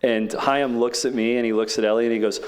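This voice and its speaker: A man speaks on a panel in a relaxed, rambling way. He tells his story with frequent fillers and a mid-range voice. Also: medium pitch, fast talker. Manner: chatty, many "like" fillers, acts out others' lines.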